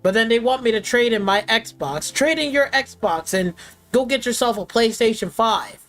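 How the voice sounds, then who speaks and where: A man's voice: very high-pitched, animated, moderate pace, a bit bright, soft background music. A man hosting a gaming stream, ranting in an exasperated, mocking way and swearing constantly. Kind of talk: profane casual rant.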